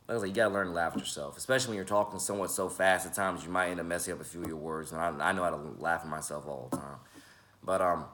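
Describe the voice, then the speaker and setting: A man's voice: deep voice, a bit bright. A man in his twenties talking casually to his viewers, rambling, with many fillers, stumbles and repeated words. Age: 20s. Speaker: independent rapper and YouTuber. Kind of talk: casual vlog talk to the camera.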